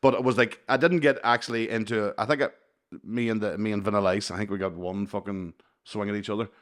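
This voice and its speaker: A man's voice: lowish voice, fast talker. A man with a Northern Irish accent, co-hosting a casual podcast chat and telling stories with heavy swearing and acted-out quotes. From Northern Ireland. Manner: animated storyteller who acts out quotes, swears heavily. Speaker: podcast co-host.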